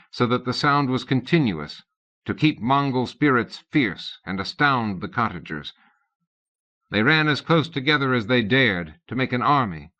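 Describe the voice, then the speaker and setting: A male voice reads audiobook narration from a script, calm and even, shifting to a higher pitch for dialogue. The recording sounds flat and lo-fi, like an old cassette.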